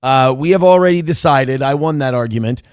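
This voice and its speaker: A man's voice: medium pitch, brisk, clean tone, no room sound, studio quality, faint music behind. A man hosting a live show, reading out chat messages with crude, self-mocking jokes and rambling asides. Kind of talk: casual live-stream chat.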